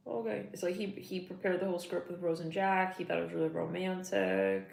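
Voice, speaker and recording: A woman's voice: on the low side, lively intonation, brisk, creaky, darkish tone. A woman giving a casual tarot reading, chatty and slangy, getting emotional as she talks. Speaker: tarot reader. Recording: echoey room, faint noise.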